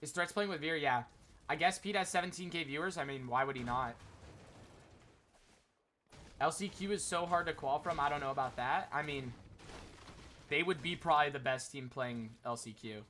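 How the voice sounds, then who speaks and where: Bright, rambling male streamer. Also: fairly high pitch, normal speed, long pauses, faint music behind. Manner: rambling, many "like" fillers, talks to chat. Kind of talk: casual livestream chat commentary.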